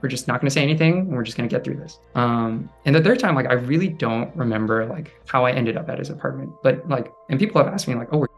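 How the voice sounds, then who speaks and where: Soft-spoken man telling a hard story. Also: medium pitch, gravelly, soft background music. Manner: halting, soft-spoken, many fillers. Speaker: interview guest. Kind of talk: personal storytelling.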